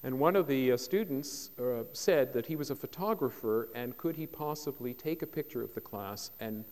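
A man's voice: mid-range voice, normal speed, a little mellow. A man speaks from the stage of a lecture hall, his mid-range voice trailing a long reverb. He tells his anecdotes with dry wit and self-deprecating asides. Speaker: biographer giving a public lecture. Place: lecture hall with a live audience.

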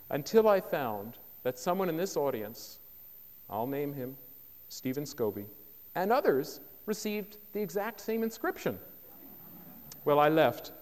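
A man's voice: medium pitch, a little mellow. Wry man lecturing in a reverberant hall. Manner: wry, dry humour with self-deprecating asides. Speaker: biographer giving a public lecture. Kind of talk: public lecture with anecdotes. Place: lecture hall with a live audience.

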